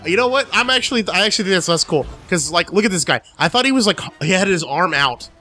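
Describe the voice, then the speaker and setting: A man co-hosting a let's play, commentating casually in an excitable, profane way and laughing easily. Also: sits high, quick pace, faint music behind.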